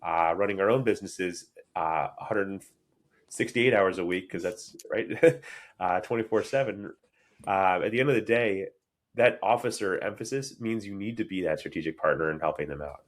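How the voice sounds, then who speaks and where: Deep-voiced male podcast host, emphatic. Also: normal speed. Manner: emphatic, repeats words while thinking. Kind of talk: conversational podcast discussion.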